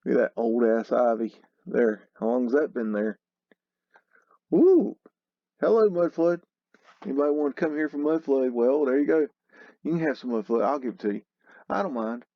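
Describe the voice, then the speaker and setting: A man's voice: mid-range voice, moderate pace, pauses often, dry recording, muffled recording. A man hosting a casual commentary over old photos, scoffing and exclamatory, with a mocking edge. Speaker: host.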